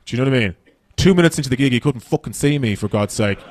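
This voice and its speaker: A man's voice: medium pitch, animated, rapid-fire, no room sound. An Irish man doing stand-up comedy on a festival stage, brash and profane, rambling through his stories.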